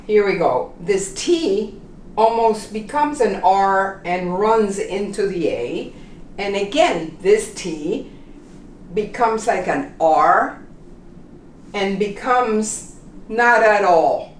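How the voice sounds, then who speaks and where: A woman teaching pronunciation, repeating example phrases slowly and checking in with "okay?". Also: mid-range voice, expressive, roomy sound, recorded from a distance, slight background noise. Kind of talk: slow, deliberate classroom instruction.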